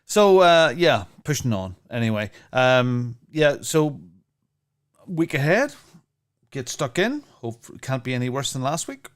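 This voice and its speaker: A man chats on a podcast with an ordinary mid-range pitch. He rambles along, stacking fillers and repeating himself as he goes. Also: very animated, measured pace. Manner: rambling, chatty, many fillers and restarts. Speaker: podcast co-host. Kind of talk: casual chat.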